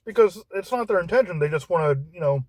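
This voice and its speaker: Halting man with a higher voice. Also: expressive, no room sound. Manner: halting, repeats words while searching for phrasing. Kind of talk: casual monologue.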